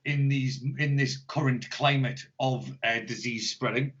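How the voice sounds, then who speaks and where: A man's voice: mid-range voice, fairly even intonation, measured pace, a bit bright. An English man co-hosting a podcast, chatting casually and rambling with lots of swearing and jokes. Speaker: podcast co-host. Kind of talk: casual chat. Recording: dull lo-fi podcast audio.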